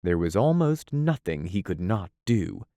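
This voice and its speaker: Slow, low-voiced male audiobook narrator. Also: very animated, mellow, no echo, studio quality. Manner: measured, storytelling. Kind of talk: scripted narration.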